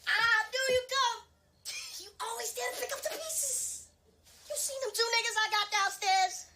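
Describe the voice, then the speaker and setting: A man's voice: very high-pitched, moderate pace, slight background noise, heavily acted. A volatile, clingy young man. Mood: excited. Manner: excited, clingy and pleading. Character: volatile young man craving his brother's approval. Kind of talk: film drama acting.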